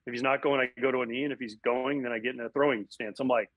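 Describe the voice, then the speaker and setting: A man, a former baseball catcher and broadcast analyst, telling animated stories from his playing days in a casual interview, often acting out what people said. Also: mid-range voice, fast talker, dry recording, rough recording. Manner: animated, acts out quotes.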